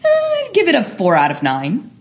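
A woman's voice: high-pitched, wildly swooping pitch, moderate pace, exaggerated voice. A woman voicing a bubbly, teasing young woman magician in a fan audio drama, chirpy and playful.

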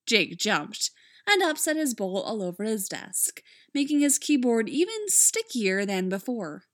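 A woman reading fan fiction aloud with expressive, animated storytelling. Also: on the high side, a little slow. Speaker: reader.

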